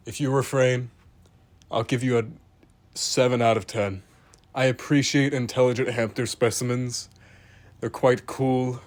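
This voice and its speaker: A man giving mock-serious comedic commentary, grading pictures of animals in a deadpan way and swearing casually as he talks straight to them. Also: medium pitch. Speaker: host reviewing animal pictures.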